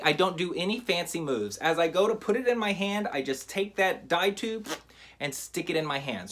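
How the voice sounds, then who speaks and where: A man teaching a magic trick in a relaxed, chatty how-to style, with frequent fillers. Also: high-pitched. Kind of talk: casual how-to tutorial.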